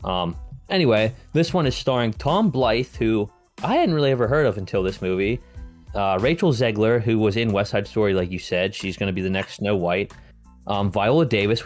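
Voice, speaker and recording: Give me a man co-hosting a movie podcast, loose and rambling, with soft music under him. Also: on the low side. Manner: rambling, filler-heavy and profane. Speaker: podcast co-host reviewing films. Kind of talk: casual chat.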